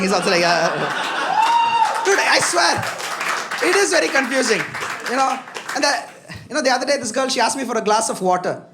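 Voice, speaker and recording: A young man performing a stand-up comedy set, chatty and self-mocking, often talking straight to the crowd. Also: very high voice. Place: comedy club stage with a live audience. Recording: live club with loud crowd laughter. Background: audience laughter.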